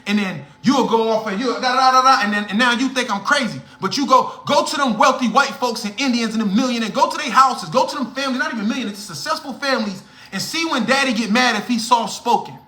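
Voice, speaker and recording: A man's voice: very high voice, quick pace, hardly any pauses, sharp tone, echoey room. A young man hosting a livestream, lecturing his viewers in a blunt, profane, heated rant. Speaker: livestream host.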